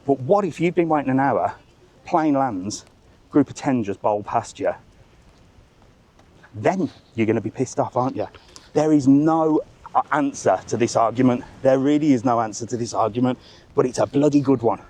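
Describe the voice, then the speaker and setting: A man hosting a live travel vlog, telling a story as an animated, swearing rant while walking outdoors. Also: mid-range voice, moderate pace. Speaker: travel vlogger, live stream host. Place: outdoors among bars and restaurants.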